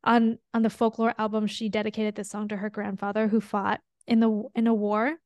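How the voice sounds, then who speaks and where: A young adult woman, a pharmacist co-hosting a podcast, talking in a casual, earnest way and quick to get emotional. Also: medium pitch, little pitch movement, darkish tone, dry recording.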